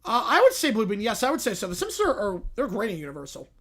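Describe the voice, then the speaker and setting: A young man hosting a casual livestream, answering viewer questions with quick reactions and frequent "yeah"s. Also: sits high, huge pitch swings, a bit bright. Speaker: livestream host reading chat.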